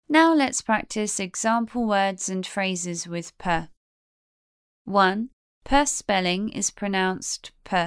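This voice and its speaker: A woman's voice: medium pitch, clear, resonant tone, no echo, clean studio sound. A woman teaching pronunciation, reading words and phrases one by one with careful, precise articulation. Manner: slow, carefully articulated word drills. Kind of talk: pronunciation drill lesson.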